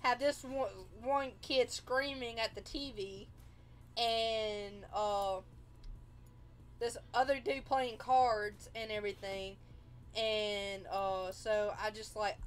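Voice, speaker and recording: A young woman hosting a livestream rambles casually through a personal story, acting out the dialogue along the way. Her voice sits on the high side and she speaks slowly.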